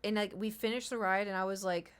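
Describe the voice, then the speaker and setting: A young woman chatting to her stream viewers, spinning a rambling story. She acts out the people in it and keeps restarting her sentences. Her voice sits at an ordinary middle pitch. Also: fast talker, smooth. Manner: animated, acts out quotes of friends, rambling with restarts. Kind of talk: casual storytelling to chat.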